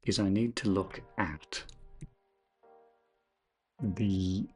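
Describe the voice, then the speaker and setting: A man's voice: low voice, steady tone, very slow, a little mellow, breathy edge, faint music behind. A man streaming his game development, thinking aloud as he codes, correcting himself and chatting with viewers in a jokey, self-deprecating way. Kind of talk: casual live-stream commentary while coding.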